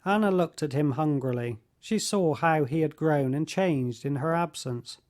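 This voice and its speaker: A man narrating a classic novel as an audiobook, reading in a slow, measured way. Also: on the high side, darkish tone. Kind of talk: scripted narration.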